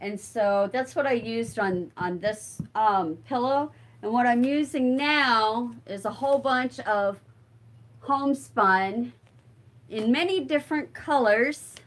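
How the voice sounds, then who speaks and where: A woman's voice: on the high side, slow pace. A middle-aged woman hosting a casual livestream, chatting with viewers and answering comments while she crafts, rambling and thinking aloud with lots of fillers. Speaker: livestream host.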